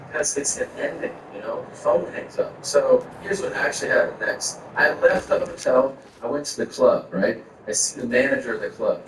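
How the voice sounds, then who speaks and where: A man doing stand-up comedy on a club stage, telling long stories in a rambling, profane, conversational way. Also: mid-range voice. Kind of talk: stand-up storytelling. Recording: very echoey, far-off mic, noisy.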